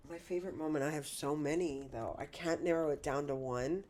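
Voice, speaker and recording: Brief: middle-aged woman, low-pitched, blunt and candid, casual guest chat. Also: fairly quick, darkish tone. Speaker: podcast guest.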